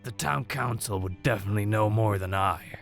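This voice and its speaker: A man voicing a frail old man with a scratchy voice who speaks slowly and vaguely in a horror story. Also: lowish voice, gravelly, faint music behind. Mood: helpful.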